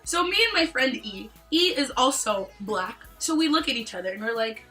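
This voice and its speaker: Lively joking young woman telling stories. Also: on the high side, moderate pace, few pauses, faint music behind, poor audio. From Canada. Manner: animated, joking, acts out quoted lines. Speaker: vlogger. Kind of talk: casual storytime chat.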